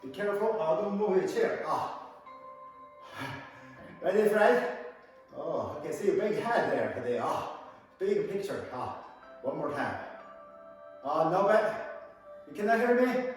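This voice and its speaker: A man with a high voice leads a qigong class over a video call, speaking slowly and counting out each rep. He sounds far from the mic in a very echoey hall with long reverb, with faint music behind him. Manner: counts out reps and gives short commands, teasing students. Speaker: qigong instructor. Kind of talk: online exercise class instruction.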